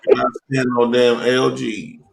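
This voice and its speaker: A man's voice: mid-range voice, flat delivery, measured pace, creaky. A man hosting a livestream, teasing and crude in casual banter. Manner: teasing, crude, laughs a lot.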